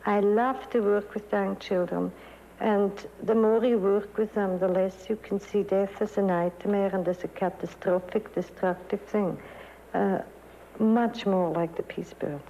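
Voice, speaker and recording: A woman speaks in a mellow, soft-edged voice, earnest and gentle as she reflects on the dying children she has treated. Her pitch sits in an ordinary middle range. The sound is a dull, lo-fi recording. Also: fairly even intonation, unhurried, creaky, big-room sound, slight background noise. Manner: earnest and gentle, reads quoted poems aloud. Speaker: psychiatrist.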